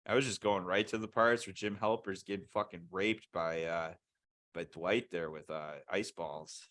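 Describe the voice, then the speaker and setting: A man's voice: deep voice, fairly even intonation, normal speed, fairly bright tone. A man co-hosting a casual podcast, rambling and swearing as he retells TV scenes. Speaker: podcast co-host. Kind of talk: casual chat.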